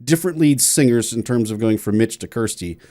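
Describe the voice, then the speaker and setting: Man, music teacher, casual reaction video, eager, plain explanations, mid-pitched voice. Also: brisk, mellow. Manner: enthusiastic, explains theory in plain terms, restarts often.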